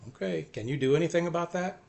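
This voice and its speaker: A man giving an earnest, self-encouraging faith talk, repeating short phrases and often trailing off softly. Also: a little high, quick pace, gravelly. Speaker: faith vlogger. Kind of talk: personal faith talk to camera.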